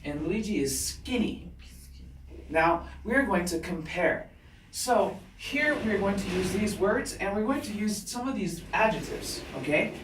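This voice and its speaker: A male teacher with a slightly high voice leads a classroom grammar lesson at a very slow, deliberate pace, stopping after almost every point to check that students follow. He is picked up from a distance in a roomy, echoing classroom with a faint hiss behind him. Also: expressive. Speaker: English teacher.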